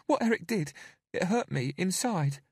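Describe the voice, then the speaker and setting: A man's voice: high voice, lively intonation, moderate pace, darkish tone, slightly rough, dry recording, studio quality, voice pushed up, full character voice. A man reading an audiobook, voicing a frightened little girl who pleads in a small, tearful voice. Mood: frightened pleading.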